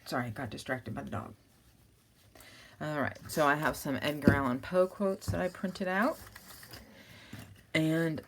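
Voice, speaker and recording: A woman's voice: extremely low pitch, slight background noise. A woman hosting a crafting channel, chatting casually and rambling as she works, breaking into laughter at her own stories.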